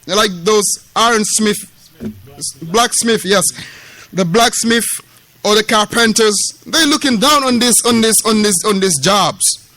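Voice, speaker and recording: High-pitched and unhurried, this man's pushed, bright voice comes through on a dry recording. He is a West African Islamic lecturer teaching a classical text in a mosque, speaking emphatically, repeating key phrases, combining street slang and Arabic terms, and acting out the dialogue he quotes.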